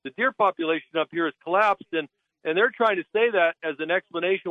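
High-pitched and fast, a naturalist guest rails against officials on a radio talk show by phone, mimicking them in put-on voices. He comes across as blunt and indignant, with no room sound.

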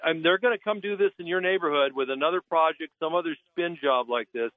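On a talk radio phone-in, a man with a slightly high voice speaks fast; he's a naturalist guest. Indignant and blunt, he parodies officials with put-on voices, and there's no echo.

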